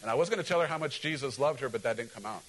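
A male pastor preaching a sermon in an animated, joking way, often asking the congregation questions. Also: medium pitch, racing, a little hiss or hum, low-quality recording.

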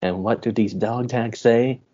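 A man's voice: medium pitch, steady tone, unhurried, warm tone, slightly rough, dull audio. A man co-hosting a film podcast, casually recapping a plot with easy laughs. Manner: laid-back, laughing storyteller.

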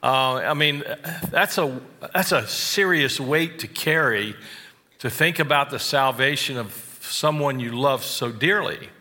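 A man preaching a sermon, slow and deliberate, stressing key phrases and adding wry asides. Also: mid-range voice, pushed and bright, big-room sound. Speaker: pastor.

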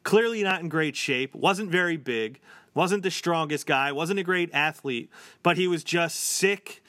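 A man co-hosting a podcast talks a little slowly in a higher-pitched, fairly bright voice, keeping it casual and chatty with many fillers and restarts. The recording is dry.

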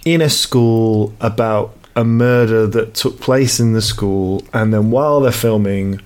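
A man's voice: fairly low pitch, steady tone, measured pace, darkish tone. A man co-hosting a podcast in casual chat, dry and teasing, with mock exasperation. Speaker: podcast co-host.

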